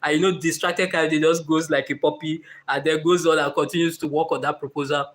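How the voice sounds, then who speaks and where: Motivational guy on a live session, high voice, earnest and lively, jokes around a bit. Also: brisk. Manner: earnest, animated, playful asides. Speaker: motivational speaker.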